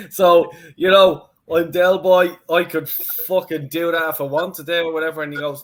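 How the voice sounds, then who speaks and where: A man's voice: fairly high pitch, steady tone, unhurried, fairly bright tone. A young Irish man, a channel host, telling a rambling story in casual chat with lots of fillers and swearing. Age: young adult. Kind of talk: casual anecdote.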